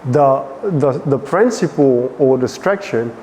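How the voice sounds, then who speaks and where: French-accented male dance coach, lively workshop teaching, reverberant room. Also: medium pitch, slow pace, a little hiss or hum. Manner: animated, asks frequent check questions.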